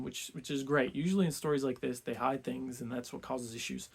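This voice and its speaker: A man's voice: mid-range voice, quick pace, hardly any pauses, slightly rough. A man hosting a book club video, casually retelling a classic story in laid-back speech full of "like".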